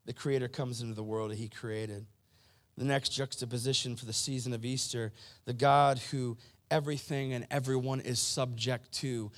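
A male pastor preaching a sermon in a mid-pitched voice. He talks to the congregation in a casual, emphatic manner and keeps asking them rhetorical questions.

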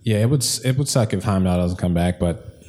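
A man's voice: sits low, a little fast, warm tone. A man co-hosting a podcast in casual chat, blunt and swearing as he steers the topics. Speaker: podcast co-host.

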